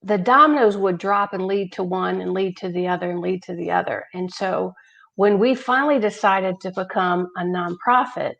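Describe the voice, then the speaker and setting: A woman at a middle pitch recounts anecdotes in a relaxed interview. She slips into the voices of the people she quotes and keeps the talk lively and personal. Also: normal speed, vocal fry, lo-fi sound. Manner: animated anecdotes, acting out quoted dialogue. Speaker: charity founder, guest. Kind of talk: conversational storytelling interview.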